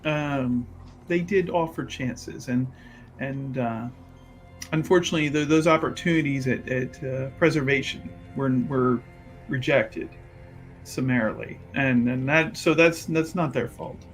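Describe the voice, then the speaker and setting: A man voicing a courtly companion in a tabletop game, speaking in a halting, rambling way. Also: mid-range voice, soft background music, close to an everyday voice. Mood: earnest. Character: hesitant courtly companion addressing a prince.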